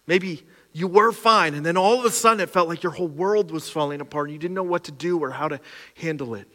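Pastor in a reverberant hall. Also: male voice, on the high side, fast, sharp tone. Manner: emotional, candid personal story. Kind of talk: sermon storytelling.

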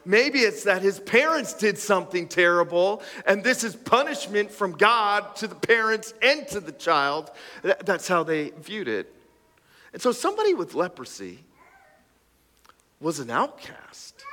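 This pastor's voice is high, bright, and forceful, and the sound places him in a large hall. His sermon has a conversational feel, with jokes at his own expense and stammered restarts.

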